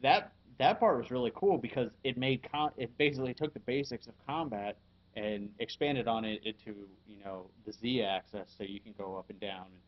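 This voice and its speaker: A man hosting a casual podcast and reviewing a video game. He talks in a halting way, with lots of fillers and frequent chuckles. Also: mid-range voice, lo-fi sound.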